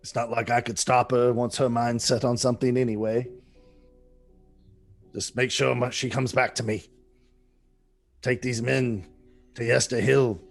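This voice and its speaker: A man doing an anxious old grandfather who pleads slowly and gets louder as his worry grows. His voice sits a little higher than usual and carries a faint wash of background music. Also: little pitch movement, gravelly. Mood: resigned. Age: older. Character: worried old grandfather, protective and grieving.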